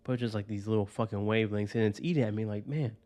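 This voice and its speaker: A man's voice: on the low side, fairly even intonation, quick pace, dark tone, no echo. Rambling, cursing man with a dry voice. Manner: rambling, profane, keeps tagging lines with "right?". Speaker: podcast host. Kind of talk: casual personal monologue.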